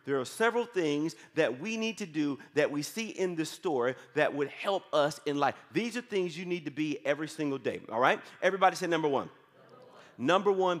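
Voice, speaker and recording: A man preaching a lively sermon with call-and-response to his congregation. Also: high voice. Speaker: pastor. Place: church sanctuary. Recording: long reverb of a church hall.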